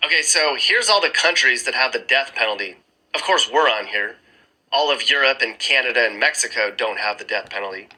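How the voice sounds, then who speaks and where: A man's voice: mid-range voice, animated, brisk, pushed and bright, slight background noise, poor audio. A man giving casual, sarcastic commentary while scrolling through maps, with chuckling asides, recorded on a phone. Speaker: screen-recording vlogger. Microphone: phone screen-recording mic.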